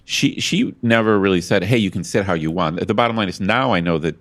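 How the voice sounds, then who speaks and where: Man, very low voice, podcast co-host, rambling casual chat, self-deprecating. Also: a little fast.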